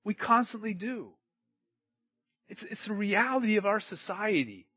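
A man preaching a sermon, shifting from loud outbursts to hushed, low-spoken warnings. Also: animated, unhurried, slightly rough, no room sound, muffled recording. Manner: dramatic swings from loud to hushed. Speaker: pastor.

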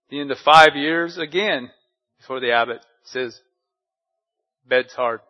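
A man, a pastor, preaching a sermon at a church service, talking in a relaxed, conversational way and often asking his listeners rhetorical questions. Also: on the high side, moderate pace, dull audio, soft background music.

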